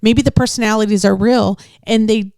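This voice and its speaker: A woman's voice: mid-range voice, steady tone, a little fast, vocal fry, a little mellow, no echo, studio quality. A woman in her forties co-hosting a podcast, talking in a chatty way and laughing often. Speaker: podcast co-host. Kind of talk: casual chat.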